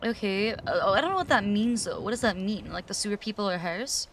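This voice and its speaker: A woman chatting in character in a role-play game, expressive and quick to stammer when excited. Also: mid-range voice, a little hiss or hum. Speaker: roleplay game player. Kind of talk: casual in-character chat.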